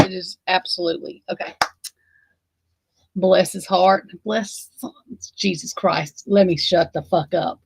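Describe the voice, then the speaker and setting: A woman's voice: on the low side, flat delivery, a little slow, creaky, husky, no echo. A woman with an Alabama accent hosting a casual chat, rambling and swearing freely. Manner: rambling and profane, with frequent swearing. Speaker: host.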